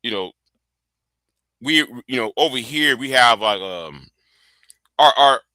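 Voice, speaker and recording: A man's voice: mid-range voice, lively intonation, takes it slowly, bright, forceful tone, dry recording. A middle-aged man, hosting a casual political livestream and rambling through stammers and restarts. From Texas. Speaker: livestream host.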